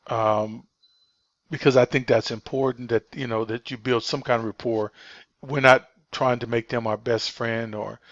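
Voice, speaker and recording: A man's voice: medium pitch, a bit bright, no echo. A man coaching new phone agents, stressing and repeating his points, with plenty of fillers. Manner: emphatic, repeats key points, many fillers. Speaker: sales trainer. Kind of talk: spoken training walkthrough. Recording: dull lo-fi dry recording.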